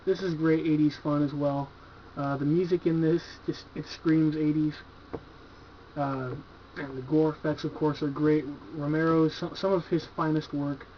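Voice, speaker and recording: Casual, profane man, higher-pitched voice. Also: level tone, moderate pace, a little hiss or hum. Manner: laid-back, profane, enthusiastic, filler-heavy. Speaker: horror movie collector reviewing his purchases. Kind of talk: casual video review. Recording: dull lo-fi home video recording.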